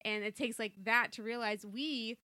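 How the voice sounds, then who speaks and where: Bright-voiced young woman chatting enthusiastically. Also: fairly high pitch, steady tone, moderate pace, no echo. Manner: enthusiastic, chatty, laughs often. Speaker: podcast co-host. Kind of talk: casual chat about a cartoon episode.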